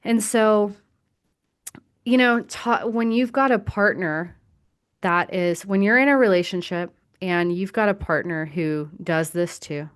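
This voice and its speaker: A woman's voice: mid-range voice, a little slow, clear, resonant tone. A woman podcast host and coach giving a casual teaching talk, animatedly acting out quoted reactions and swearing now and then.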